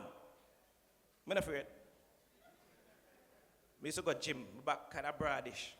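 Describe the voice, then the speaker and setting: Addressing the minister from a podium, a man with a Jamaican accent delivers a teasing, playful conference speech, drifting into patois. His slightly high voice sounds pushed and bright, slow with long pauses, and the large conference hall adds a long reverb.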